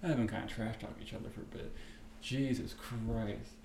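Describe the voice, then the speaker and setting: A man hosting a podcast, talking alone in a profane, rambling and animated way. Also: medium pitch, moderate pace, vocal fry. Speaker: podcast host. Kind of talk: casual solo podcast rant. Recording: echoey room with faint background noise.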